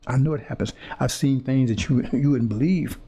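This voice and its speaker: A man's voice: mid-range voice, moderate pace, dark tone, a little hiss or hum. A man delivering an impassioned, confrontational monologue to his audience, repeating phrases and stumbling over words as he searches for them. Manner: fiery, confrontational, repetitive phrasing; stammers and restarts when searching for words. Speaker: preacher speaking to his audience.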